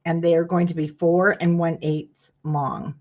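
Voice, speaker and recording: A woman hosting a casual paper-craft tutorial, her voice sitting on the lower side. She chats with viewers by name as she measures and trims. The recording is dull and lo-fi. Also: little pitch movement, a little slow, a little mellow. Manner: chatty, greets viewers by name mid-task.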